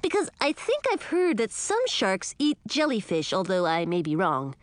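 A woman's voice: medium pitch, wildly swooping pitch, moderate pace, no echo. A woman reading an audiobook, voicing a talkative, know-it-all little male crab who rambles fussily. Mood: doubtful. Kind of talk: audiobook character voice.

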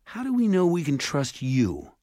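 A man voicing a defiant, anxious young boy in a storybook reading, his voice raised higher and quicker. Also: wildly swooping pitch, mellow, no room sound, studio quality. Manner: urgent and insistent. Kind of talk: audiobook character voice.

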